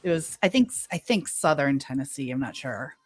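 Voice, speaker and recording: A woman's voice: extremely low pitch, lively intonation, moderate pace, no echo, soft background music. A woman on an online panel, gushing and enthusiastic in casual chat. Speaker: panel guest.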